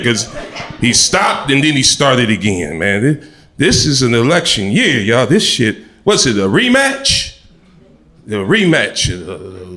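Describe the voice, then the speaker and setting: A middle-aged man doing live stand-up comedy, an animated storyteller who shouts and acts out voices. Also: medium pitch.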